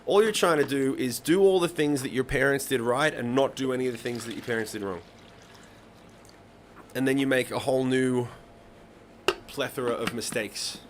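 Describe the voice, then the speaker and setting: A man in his thirties talks casually on a live stream, his voice sitting at an ordinary middle pitch. He rambles through stories, swears freely, and laughs along. A faint hum of the room sits behind him. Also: moderate pace. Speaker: live-stream songwriting host. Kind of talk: casual chat to a live audience.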